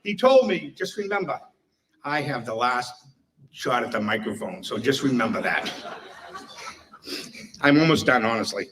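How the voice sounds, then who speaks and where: A man's voice: mid-range voice, expressive, moderate pace, pauses often, crowd noise, noisy background. Man, tribute speaker, storyteller, somewhat distant pickup. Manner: storytelling, chuckling through anecdotes. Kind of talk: humorous tribute speech. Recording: voice heard from a distance.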